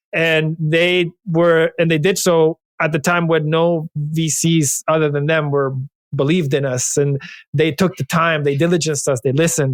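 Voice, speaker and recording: Male interview host, fairly high voice, effusive, dry booth sound. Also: no room sound. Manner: enthusiastic, effusive praise. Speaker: podcast host. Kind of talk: casual interview chat.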